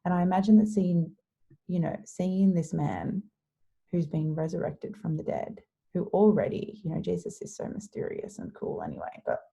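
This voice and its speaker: A woman's voice: fairly low pitch, creaky, dark tone, husky. A young woman casually retelling a scripture story for a devotion, chatty and full of fillers. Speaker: devotion leader.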